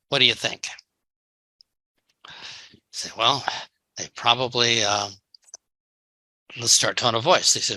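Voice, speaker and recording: A man's voice: medium pitch, sharp tone, no room sound, low-quality recording. A man giving a folksy sales training talk on a video call, telling stories and acting out quotes. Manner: folksy, storytelling with acted-out quotes. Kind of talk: live online training talk. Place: online meeting.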